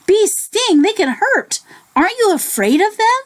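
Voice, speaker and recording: A woman voicing a small, easily frightened boy raccoon in a children's storybook read-aloud, in a high, squeaky, frightened voice. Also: very animated, measured pace, full character voice. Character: scared little boy raccoon.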